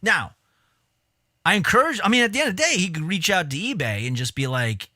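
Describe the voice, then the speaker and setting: A man riffing through a casual reaction stream, his voice lively and swinging up and down. The tone is bright and forward, and the sound is dry and close, with blunt, profane, mocking remarks. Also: sits high, fairly quick, dry recording. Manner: blunt, swears often, mocking asides.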